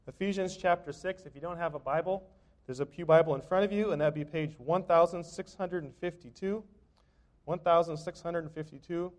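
In a church sanctuary, a middle-aged pastor delivers a sermon in a conversational style, full of restarts and fillers. His voice sits on the high side and moves a little fast.

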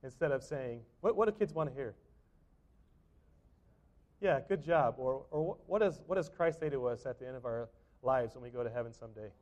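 A man's voice: mid-range voice, quick pace, darkish tone. A middle-aged man preaching a sermon in a church, talking in a conversational way with frequent restarts and fillers. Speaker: pastor. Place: church sanctuary.

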